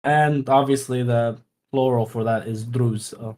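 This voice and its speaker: A man's voice: medium pitch, steady tone, measured pace, a little mellow. A man whose first language is Arabic, a guest on a live stream, chatting casually, teasing, laughing often and swearing. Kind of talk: casual chat.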